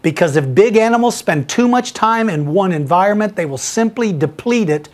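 Middle-aged male podcast host; enthusiastic, chatty, quick to laugh. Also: high voice, lively intonation, a little mellow. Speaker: podcast host answering listener questions. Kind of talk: casual Q&A chat, reading emails aloud.

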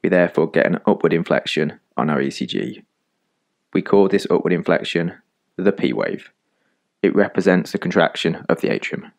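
A man narrating an animated medical lesson in a calm, measured, scripted voice-over, recorded close on a studio mic. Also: sits low, gravelly. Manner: calm, measured explanatory delivery.

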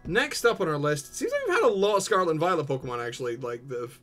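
A man co-hosting a casual livestream, joking quickly and swearing casually. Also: a little high, sing-song, a bit bright, soft background music. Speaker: co-host.

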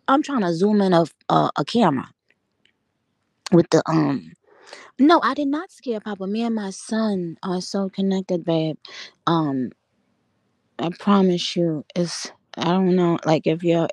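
A woman chatting casually and profanely on a livestream, rambling, laughing often and talking with animated energy. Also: medium pitch, no room sound. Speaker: livestream host. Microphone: audio livestream from home.

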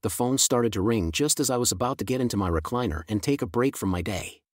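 A man narrating a first-person story in an even, measured way. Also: medium pitch, no echo, studio quality.

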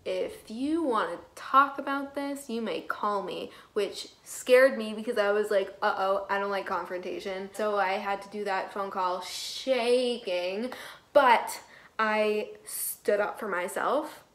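A woman's voice: mid-range voice, slow pace, rough recording. Chatty rambling young woman vlogger. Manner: chatty, rambling, laughs often. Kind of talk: casual daily vlog. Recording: faint background noise.

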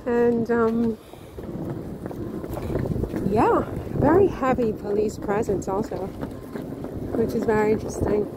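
A woman's voice: a little high, takes it slowly, long pauses, very noisy. A woman vlogging to camera while walking outdoors, rambling with restarts and asides. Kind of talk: casual vlog talk to camera. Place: outdoors on town streets.

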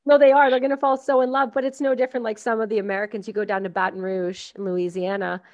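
A woman hosting a podcast interview, talking emphatically and effusively and acting out quotes in animated voices. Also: medium pitch, fast talker, no room sound. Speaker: podcast host. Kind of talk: casual interview conversation. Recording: dry, dull audio.

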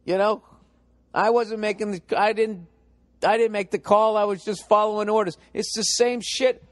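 Profane ranting man, higher voice. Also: measured pace, long pauses, no echo, studio quality. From United States. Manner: profane, ranting, animated storytelling. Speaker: podcast host. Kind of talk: comic podcast monologue.

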